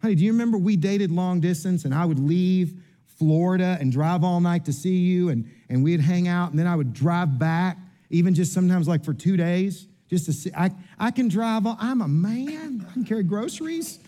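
A man's voice: high voice, moderate pace, dark tone. A middle-aged male pastor preaching a sermon, telling humorous stories about himself and often repeating words as he restarts. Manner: storytelling with humorous asides and self-mockery.

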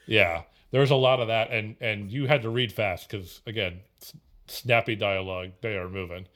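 A man's voice: lowish voice, fairly even intonation, normal speed, a bit bright. A man co-hosting a casual film podcast, rambling with many fillers and restarts. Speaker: podcast co-host.

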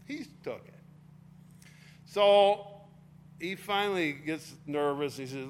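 A man's voice: on the high side, slow pace, pauses often, slight background noise. Man teaching a casual Bible lesson. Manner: casual explaining, reading scripture aloud with force.

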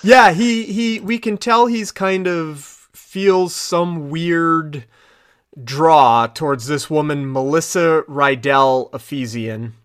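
A man's voice: on the high side, takes it slowly, fairly bright tone, smooth, no room sound, clean studio sound. A man co-hosting a podcast, recapping an episode in loose, rambling casual chat full of fillers and restarts. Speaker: podcast co-host.

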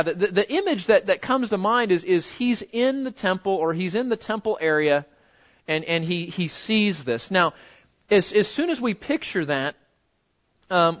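A man teaching a Bible lesson in a conversational way, often repeating words and slowing down to stress key phrases. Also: high-pitched, a bit bright, dull audio.

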